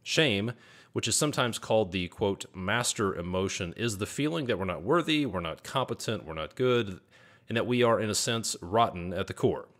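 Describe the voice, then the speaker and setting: A man's voice: fairly low pitch, lively intonation, moderate pace, fairly bright tone. A man hosting a podcast, speaking earnestly as a business coach, repeating key points and rattling off lists of negative self-talk. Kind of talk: podcast monologue.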